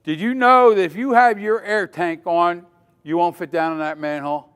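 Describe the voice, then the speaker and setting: A man's voice: sits high, normal speed, a bit bright, smooth. An older man giving a dramatic safety lecture at a conference, quizzing the audience as he goes. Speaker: safety trainer. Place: conference hall. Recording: long hall reverb.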